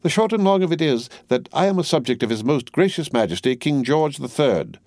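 A man's voice: a little high, sing-song, a little fast, a little mellow, no room sound, clean studio sound, voice pushed up. A man reading an audiobook, voicing a brusque, fiercely patriotic middle-aged Englishwoman with a fussy, emphatic manner. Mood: indignant, fussy. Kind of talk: audiobook character voice.

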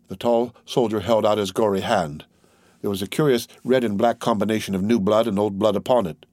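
A man narrating a classic novel as an audiobook in a measured, even reading. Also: on the low side, dry recording, clean studio sound.

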